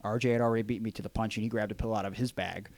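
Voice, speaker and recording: A man hosting a podcast, telling a wrestling story in animated casual chat and swearing freely. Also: on the low side, racing, dry recording.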